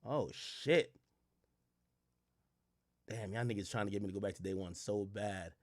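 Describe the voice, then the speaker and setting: A young man hosting a livestream, casually reading his chat and shouting out cities in a loose, profane way. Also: fairly low pitch, unhurried, no echo, clean studio sound. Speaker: livestream host. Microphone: desk mic close up.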